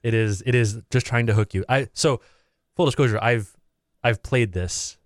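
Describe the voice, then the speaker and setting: A man's voice: medium pitch, normal speed, no echo, studio quality. A man co-hosting a gaming podcast, speaking candidly and griping in casual chat. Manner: candid, complaining. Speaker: podcast co-host.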